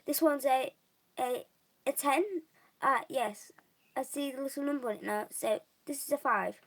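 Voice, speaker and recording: A woman's voice: high-pitched, normal speed, fairly bright tone, pitched above the performer's own voice. A woman voicing a cheerful but flustered middle-aged father who stumbles over his words.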